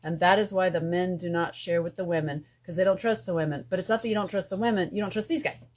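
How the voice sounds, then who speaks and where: Woman, live-stream host, casual spiritual talk, animated, loud then hushed, swears a lot, phone mic. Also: fairly low pitch, fast, a little hiss or hum. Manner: animated, swings between loud bursts and hushed asides, profane.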